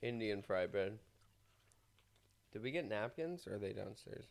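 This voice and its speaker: A man's voice: lowish voice, expressive, a little slow, vocal fry. Wry man podcast co-host. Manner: wry, recounts jokes with quoted voices. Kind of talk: unedited casual chat.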